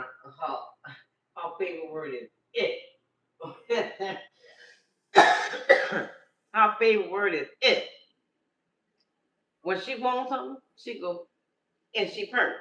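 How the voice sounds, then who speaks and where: A grandmother chats to her livestream viewers and acts out the voices of her family in her stories. She is a bright, animated talker. She sounds a little far from the mic, in a roomy space, and the recording is slightly dull. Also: lowish voice, slow pace, pauses often. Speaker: livestream host. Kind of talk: casual storytelling to viewers. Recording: roomy, distant, slightly dull phone audio.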